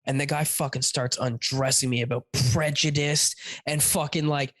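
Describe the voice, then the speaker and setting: A man's voice: fairly high pitch, fairly even intonation, moderate pace, fairly bright tone. A man co-hosting a comedy podcast, telling a story as a heated rant, swearing heavily and calling his listener bro. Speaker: podcast co-host. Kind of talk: casual comedic chat.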